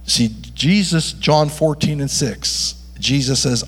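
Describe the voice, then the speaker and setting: A man's voice: mid-range voice, a little slow, few pauses, slightly rough, long reverb tail. A male pastor preaching a sermon, emphatic, tossing rhetorical questions at the congregation.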